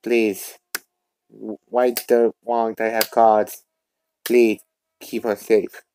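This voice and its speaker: A man's voice: on the low side, level tone, slow pace, dark tone, a little hiss or hum, poor audio. A man voicing a solemn male vet who pleads earnestly and stumbles over his words in a fan comic dub.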